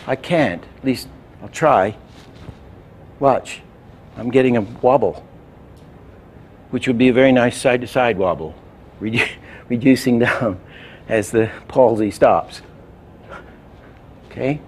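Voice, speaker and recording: Slow-talking man teaching animation. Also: mid-range voice, darkish tone, a little hiss or hum. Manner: unhurried, demonstrative, with sound effects. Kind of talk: instructional demonstration.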